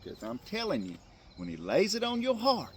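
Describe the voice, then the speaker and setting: A man giving an impassioned, tearful Christian motivational talk to other men, swinging from hushed tones to loud bursts. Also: high voice, wildly swooping pitch, moderate pace, a little hiss or hum. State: tearful at times. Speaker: faith speaker addressing men.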